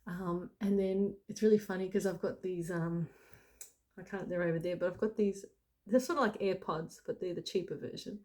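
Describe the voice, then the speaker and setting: A woman's voice: fairly low pitch, mellow. A middle-aged woman telling a personal story in a casual, chatty way, full of "like" and "you know". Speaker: spiritual channel host.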